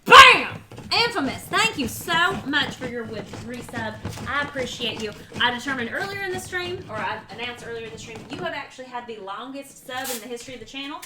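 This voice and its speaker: A woman's voice: a little high, expressive, fast talker, hardly any pauses, crowd noise. A woman hosting a casual cooking livestream, chatting and teasing her viewers as she reads their messages. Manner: chatty, talks to chat, teasing. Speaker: livestream host. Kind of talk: casual cooking stream chat.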